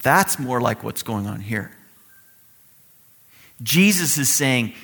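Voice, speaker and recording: Animated man preaching a casual sermon. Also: medium pitch, takes it slowly, creaky, pauses often. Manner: conversational, animated, acts out quoted voices. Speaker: pastor.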